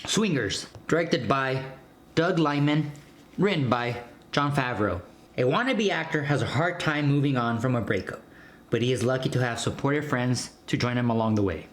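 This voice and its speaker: A man's voice: mid-range voice, animated, normal speed. Chatty man eating on a food vlog. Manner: chatty, talks to viewers as "guys" while eating; eats between lines with food noises. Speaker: food and movie vlogger. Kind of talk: casual mukbang chat and movie review.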